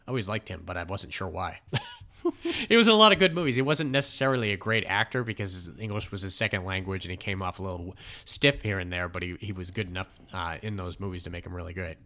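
Man, american, podcast host, casual rambling chat, lowish voice, bright forceful tone. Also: quick pace. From United States. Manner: rambling, animated, swearing, laughing.

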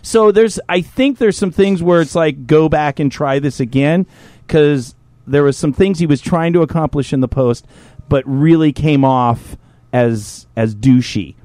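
A man co-hosting a casual podcast, loud and joking, rambling and swearing freely. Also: fairly high pitch, a little slow, no echo. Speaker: podcast co-host.

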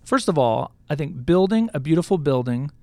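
A man with a slightly high voice talks through a podcast interview as a Catholic priest, measured and earnest, now and then joking lightly. The sound is dry and close, with no room around it. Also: lively intonation, mellow, no room sound.

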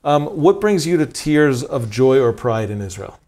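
A man hosts a casual interview, his voice sitting at an ordinary mid pitch. He asks questions off a list in a playful, teasing way and laughs readily at his guest's answers. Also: sing-song, moderate pace, a little mellow. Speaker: podcast host, interviewer.

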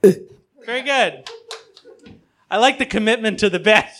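Male improv show host, high-pitched and upbeat, reads prompts. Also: measured pace, fairly bright tone. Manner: upbeat, announcing prompts, laughing along. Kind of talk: hosting a comedy improv panel.

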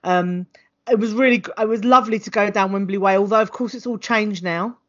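A woman co-hosting a podcast, telling a story in an animated, chatty way over a home mic on a call. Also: mid-range voice, fairly quick, highs cut off. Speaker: podcast co-host. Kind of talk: casual chat. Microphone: home mic on a video call.

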